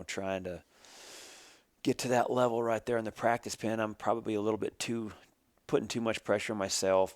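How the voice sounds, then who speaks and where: A man's voice: low voice, vocal fry, no echo. A middle-aged man from Oregon telling the story of his roping career in a casual, rambling way, full of restarts. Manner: rambling, restarts, plain country talk.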